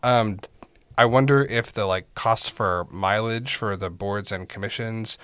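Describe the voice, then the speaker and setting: A man's voice: on the low side, a little slow, a bit bright, smooth, dry recording. A man co-hosting a political podcast in casual chat, with wry, sardonic asides. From Oklahoma. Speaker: podcast co-host.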